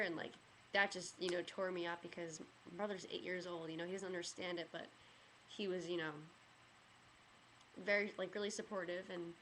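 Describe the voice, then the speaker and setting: A woman's voice: lowish voice, fairly bright tone, slight background noise. Emotional young woman telling her story. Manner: rambling, heavy use of "like" and "you know"; emotional, gets choked up. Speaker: vlogger. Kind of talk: personal storytelling vlog.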